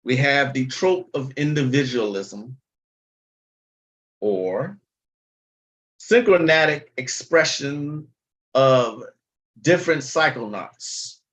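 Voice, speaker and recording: A man putting on a pompous know-it-all who talks in slow, lofty word salad. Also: mid-range voice, lively intonation, a bit bright. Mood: mock-pompous. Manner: slow, lofty, mock-intellectual.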